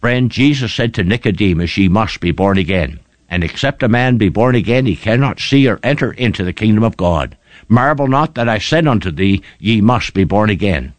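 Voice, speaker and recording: A man's voice: on the low side, expressive, normal speed, no room sound. Earnest male radio preacher. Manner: earnest, pleading appeal to listeners. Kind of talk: broadcast sermon.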